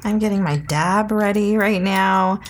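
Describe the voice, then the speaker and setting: A woman in her thirties or forties co-hosting a casual podcast with her husband, chatty and quick to laugh. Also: mid-range voice, slight background noise. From Colorado, USA. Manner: giggly, laughs often, chatty while multitasking. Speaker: podcast co-host. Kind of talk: casual chat.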